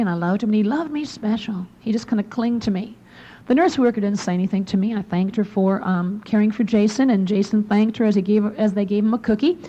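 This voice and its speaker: Soft-spoken earnest woman giving a devotional talk. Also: medium pitch, lo-fi sound. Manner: earnest, drops to a soft near-whisper for emphasis. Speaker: women's conference speaker.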